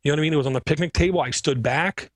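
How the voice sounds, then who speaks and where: A man's voice: on the high side, racing, no room sound. A man who runs a computer repair business, chatting casually on a podcast and acting out his customers in his stories. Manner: animated storyteller, acts out customer dialogue.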